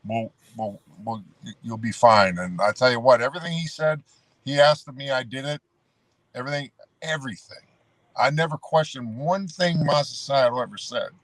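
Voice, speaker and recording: On a dry recording, a mid-range male voice moves fairly quickly. The speaker, once a pro wrestler, is a guest casually rambling about life on the road, calling his host "brother" and falling back on "you know" again and again.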